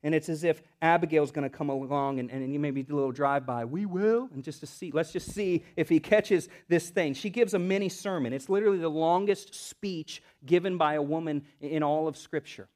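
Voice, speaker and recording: A man with a Southern US accent preaching a sermon as pastor, swinging between loud, fervent bursts and hushed asides. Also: a little high, fairly quick, hardly any pauses.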